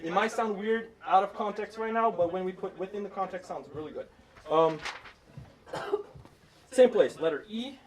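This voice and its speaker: A man's voice: high-pitched, moderate pace, pauses often, loud music behind the voice. A man leading an orchestra rehearsal, giving instructions and singing the rhythms in syllables. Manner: sings rhythms in syllables while explaining. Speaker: orchestra conductor. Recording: distant voice with orchestra playing. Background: orchestra playing.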